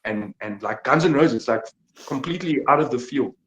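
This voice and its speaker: A young man talks in a middle-pitched voice that sits in an echoing room. He speaks emphatically, swears freely and pushes his points hard, like a fighter giving advice as a podcast guest. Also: expressive, normal speed. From South Africa. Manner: emphatic, profane motivational talk. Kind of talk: casual podcast interview. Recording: echoey room.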